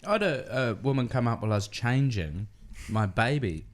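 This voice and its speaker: Animated New Zealand man telling stories. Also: medium pitch, moderate pace. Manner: animated storytelling, swearing, acting out quoted people. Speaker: comedian guest. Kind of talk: casual chat. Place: podcast studio.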